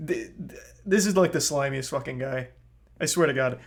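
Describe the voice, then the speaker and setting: A man's voice: medium pitch, normal speed, vocal fry. A man streaming live, reacting to a video with blunt, heated commentary and a lot of swearing.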